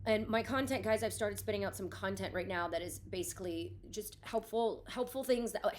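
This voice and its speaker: A woman in her thirties hosting a candid solo podcast, blunt and profane, swinging between ranting and quiet reflection. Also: mid-range voice, fairly quick, a little hiss or hum. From Florida. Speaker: podcast host.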